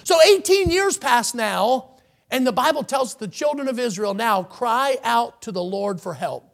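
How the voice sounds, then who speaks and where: A man preaching with lively, swinging pitch. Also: a little slow, gravelly. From United States. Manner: preaching with rising emphasis, reading scripture aloud. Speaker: pastor. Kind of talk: sermon. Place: church sanctuary.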